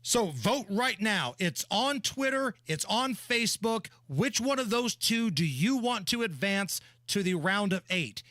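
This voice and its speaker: A man co-hosting a talk radio show, talking in an animated, sarcastic way into a studio microphone. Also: high-pitched, measured pace, hardly any pauses, dry recording. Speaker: radio co-host.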